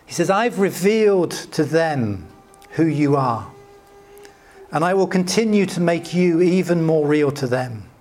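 An earnest middle-aged man delivers a sermon in a slightly high voice. He lifts his voice to act out quoted prayers, then sinks into soft, near-whispered lines. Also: a little hiss or hum. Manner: earnest, rises high acting out quotes, drops soft and hushed. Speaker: preacher.

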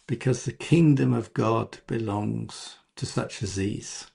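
A man's voice: a little slow, creaky, hardly any pauses, darkish tone, breathy edge. A man preaching a sermon in a conversational way, dropping into quoted voices as he tells the story. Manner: conversational, acts out quoted voices with pitch jumps.

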